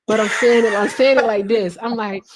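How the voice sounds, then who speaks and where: A woman with a high-ish voice tells a story fairly quickly during a casual livestream chat. She's an animated storyteller, swearing often and laughing as she talks.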